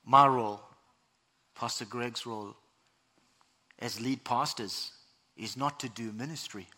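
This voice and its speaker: A man pastor preaching a sermon, animated, sometimes mimicking other voices. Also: mid-range voice, unhurried.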